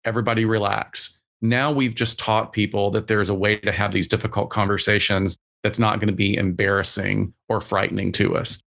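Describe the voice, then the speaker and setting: A man's voice: lowish voice, brisk, vocal fry, hardly any pauses. A man who is a psychologist, talking casually as a podcast guest and acting out quotes as he explains. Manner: relaxed, plainspoken, acts out quotes.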